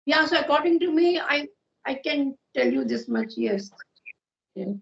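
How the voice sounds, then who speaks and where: A high-voiced woman with an Indian accent talks in a friendly, agreeable way and often says "you know". Her voice comes through dull and lo-fi. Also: animated, a little slow, gravelly. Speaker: guest speaker. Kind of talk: casual conversation practice. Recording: muffled lo-fi audio.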